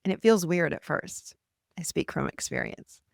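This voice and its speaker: A middle-aged woman hosting a podcast alone, talking casually and encouragingly, and she breaks into lively quoted voices. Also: fairly low pitch, moderate pace, vocal fry, no echo, studio quality. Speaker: podcast host and therapist. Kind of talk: casual solo podcast talk.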